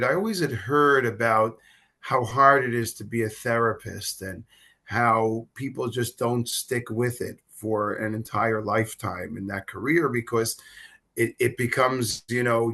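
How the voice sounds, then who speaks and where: A middle-aged man speaks as an interview guest in a bright, somewhat tense voice. He talks haltingly, stammering and repeating words, and his voice softens as he speaks of hard feelings. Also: mid-range voice, gravelly. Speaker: rabbi, guest. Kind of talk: emotional interview conversation.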